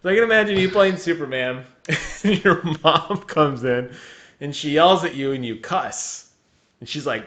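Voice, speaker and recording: A young man co-hosting a gaming podcast in casual chat, giggly and jokey and quick to slip into silly voices. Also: fairly high pitch, fairly bright tone. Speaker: podcast co-host.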